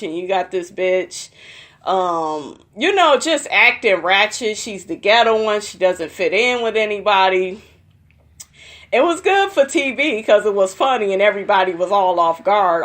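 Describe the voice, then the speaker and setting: A young woman chatting straight to her viewers. She recaps a reality TV episode in a loose, gossipy way, swears freely and keeps calling out to them as y'all. Her voice sits at an ordinary middle pitch. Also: fairly bright tone.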